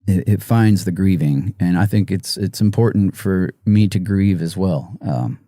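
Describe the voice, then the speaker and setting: Low, mellow man, guest in an interview, halting and close to tears, dry sound. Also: no room sound. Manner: halting, soft-spoken, many pauses and restarts. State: emotional, near tears. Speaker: musician guest. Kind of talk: emotional interview storytelling.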